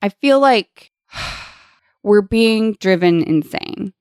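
A woman's voice: medium pitch, expressive, very slow, a little mellow, clean tone, dry recording, studio quality. A young woman co-hosting a podcast in casual chat, adding wry asides and joking agreement. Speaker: podcast co-host.

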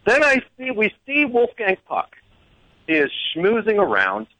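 Brief: animated male caller, fairly high voice, chatty and self-deprecating. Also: measured pace, no room sound, rough recording. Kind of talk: casual anecdote telling.

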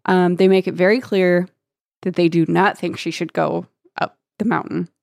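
A woman's voice: lowish voice, fairly even intonation, moderate pace, vocal fry, darkish tone, no room sound, studio quality. A woman co-hosting a casual chat recapping a book, sarcastic and playful, laughing often.

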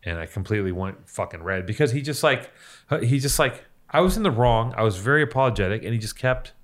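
A man's voice: mid-range voice, lively intonation, fast talker. A young man hosting a podcast, telling a heated story in casual chat and swearing freely. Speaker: podcast host.

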